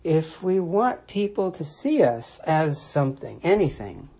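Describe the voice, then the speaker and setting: A commentator talks alone in a slow, deliberate way, repeating key points for weight. The voice is warm and relaxed, with a breathy, slightly husky edge. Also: medium pitch. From United States. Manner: measured and deliberate, restating points for emphasis. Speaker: Christian commentator. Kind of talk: reflective solo monologue.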